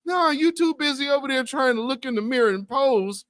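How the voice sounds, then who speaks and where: Man, high lively voice, bright tone, mocking, profane, dry close sound. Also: brisk, hardly any pauses, no echo. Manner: mocking, profane, mimics opponents in put-on voices. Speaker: host. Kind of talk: angry political commentary.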